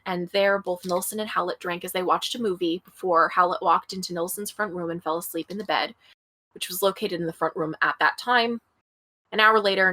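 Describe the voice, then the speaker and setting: A woman's voice: lowish voice, pushed and bright. Woman casually reading a true-crime case. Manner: reads case notes aloud, stumbling on place names, with blunt asides. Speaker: podcast co-host.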